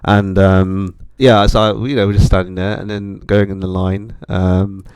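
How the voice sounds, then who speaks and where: A man's voice: low voice, moderate pace, clear, resonant tone, no echo. A young man co-hosting a podcast, telling travel stories in casual chat and acting out the voices of people he quotes. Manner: animated storytelling, acts out quoted voices. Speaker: podcast co-host.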